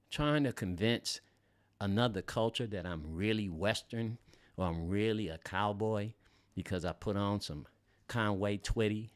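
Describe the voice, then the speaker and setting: A man's voice: sits low, no echo. A middle-aged man from Los Angeles hosting a casual podcast, telling stories in a loose, slangy way with lots of fillers and swearing. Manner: laid-back and loose, heavy on fillers and slang, swears freely. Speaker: podcast host.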